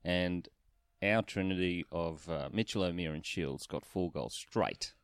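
Low-voiced man talking footy stats. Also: a little slow, clean tone, no echo. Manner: analytical, stat-driven, dry humour. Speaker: podcast co-host. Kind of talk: casual sports chat.

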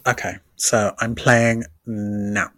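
A man's voice: on the low side, flat delivery, takes it slowly, sharp tone, dry recording. Wisecracking man, dry close sound. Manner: wisecracking, sweary. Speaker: podcast co-host. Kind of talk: casual chat.

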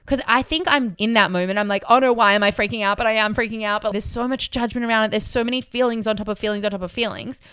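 A woman's voice: fairly high pitch, quick pace, few pauses, fairly bright tone, clean tone, no echo, clean studio sound. A woman co-hosting a casual podcast chat, talking animatedly and acting out her own inner voice. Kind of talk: casual chat about mindfulness.

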